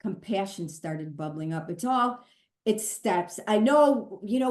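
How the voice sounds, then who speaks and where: A middle-aged woman talks openly and earnestly, animated as she recounts her own experience. Her voice sits at an ordinary pitch for a woman. The recording carries a noticeably roomy echo. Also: normal speed. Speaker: pastor and guest. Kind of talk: candid podcast conversation.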